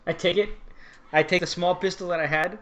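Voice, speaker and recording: A man playing a tabletop game, bargaining for gear in quick asides. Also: high voice, fairly even intonation, a bit bright, slight background noise. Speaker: player.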